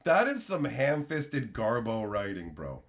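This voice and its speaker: A middle-aged man live-streaming, who is sick and losing his voice, loudly and profanely mock-insulting his chat. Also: mid-range voice, wildly swooping pitch, measured pace. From Canada. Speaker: card-opening streamer.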